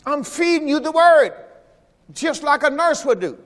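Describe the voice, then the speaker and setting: An animated pastor with an extremely high, fairly bright voice preaches unhurriedly in a folksy style. He repeats phrases and calls for the congregation's answers during a service in the church sanctuary, captured with long church reverb.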